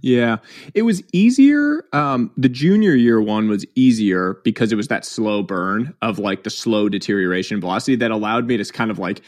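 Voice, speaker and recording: A man's voice: fairly low pitch, a little fast, hardly any pauses, dry recording. A man in his thirties, a podcast guest, speaking candidly and reflectively with a lot of "like" and "um" fillers. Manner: candid, heavy use of "like" and "um". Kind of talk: reflective interview storytelling.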